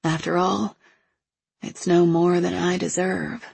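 Low-voiced woman for first-person audiobook narration, gravelly and husky, close and dry. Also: little pitch movement, takes it slowly, darkish tone, dry recording.

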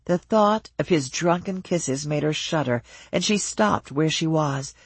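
A measured audiobook narrator carries the story at an even pace. The voice is husky and close, recorded dry. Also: medium pitch, no echo.

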